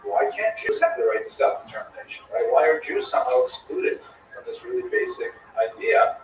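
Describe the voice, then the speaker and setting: Animated man hosting, echoey and distant. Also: very high-pitched, fairly quick. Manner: animated, tells jokes. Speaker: livestream host. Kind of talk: casual discussion. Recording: echoey room from far off, faint noise.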